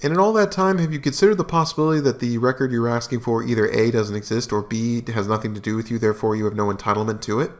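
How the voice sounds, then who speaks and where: A man's voice: medium pitch, fairly even intonation, quick pace, few pauses, darkish tone. A man hosting a commentary video, talking in a mocking, sarcastic way. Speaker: commentary host.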